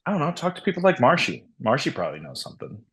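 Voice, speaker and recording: A man's voice: a little high, wildly swooping pitch, very fast, a bit bright, breathy edge. A man guesting on a podcast, talking enthusiastically in casual chat and swearing freely. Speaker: band member guest.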